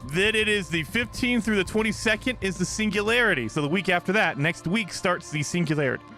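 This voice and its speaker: A man streaming a game live, chatting casually and excitedly to his viewers while saying he is exhausted from little sleep. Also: sits high, a little fast, soft background music. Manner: excitable, rambling, talks to chat. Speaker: gaming streamer.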